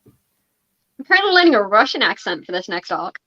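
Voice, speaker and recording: A woman's voice: medium pitch, big pitch swings, normal speed, bright, forceful tone, muffled recording. A young woman hosting a casual livestream chat, talking about running tabletop games with lots of fillers and restarts. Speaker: podcast host and game master.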